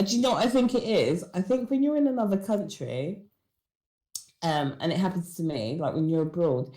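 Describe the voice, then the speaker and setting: Drowsy, tipsy low-voiced woman. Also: mellow, roomy sound. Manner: drowsy, tipsy, rambling with sing-song humming. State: tired and slightly drunk. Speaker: streamer. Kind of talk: casual chat.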